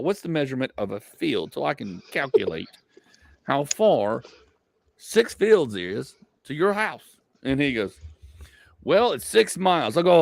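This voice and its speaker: A comedian from Georgia with a Southern accent tells comic stories on a live chat show, acting out quoted dialogue and swearing casually. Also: male voice, mid-range voice, big pitch swings, unhurried, vocal fry, no room sound. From Georgia, USA. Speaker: comedian and co-host.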